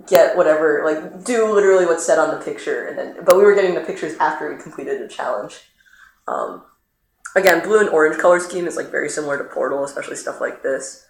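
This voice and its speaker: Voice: fast, gravelly. Rambling streamer in an echoey room. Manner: rambling, many fillers, sudden pitch jumps. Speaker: streamer playing the game. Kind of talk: casual chat over gameplay. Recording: roomy echo, faint noise.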